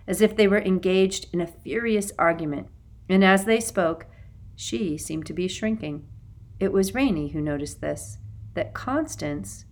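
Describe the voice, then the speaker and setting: A woman reading a children's novel aloud as an audiobook narrator, in an expressive storytelling manner. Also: fairly low pitch. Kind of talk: scripted narration.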